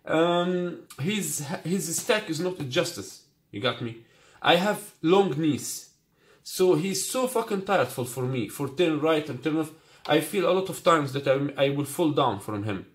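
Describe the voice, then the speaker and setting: In an echoey room with faint noise, a product reviewer whose first language is Arabic casually unboxes and demonstrates a scooter. His voice is a little high, expressive and unhurried, and he speaks non-native English, often asking "you got me?".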